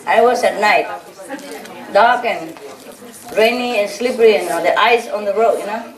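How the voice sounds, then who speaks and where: A woman's voice: mid-range voice, moderate pace, a faint crowd. A teasing, laughing woman teacher. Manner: laughing, chatty, teasing, anecdotal. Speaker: spiritual teacher addressing disciples. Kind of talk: informal talk to a gathering. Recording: echoey room heard from a distance, audience laughter. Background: large audience laughing.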